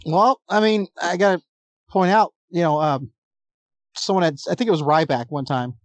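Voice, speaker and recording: A man co-hosting a casual podcast, chatting wryly about wrestling with quick asides. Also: fairly high pitch, no room sound. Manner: wry, chatty, easily laughing asides. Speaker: podcast co-host. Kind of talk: casual chat.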